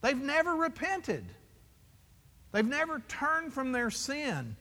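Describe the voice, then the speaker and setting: A man's voice: very high-pitched, sing-song, slow pace, sharp tone. A man preaching a sermon as pastor, emphatic and full of rhetorical questions to his congregation. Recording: long hall reverb.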